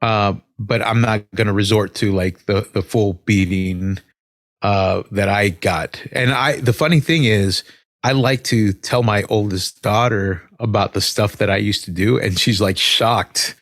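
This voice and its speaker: A man's voice: fairly low pitch, unhurried, a bit bright, no room sound, studio quality. A man in his thirties co-hosting a podcast, talking candidly about raising his kids, with fillers and swearing. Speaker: podcast co-host. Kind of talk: casual chat.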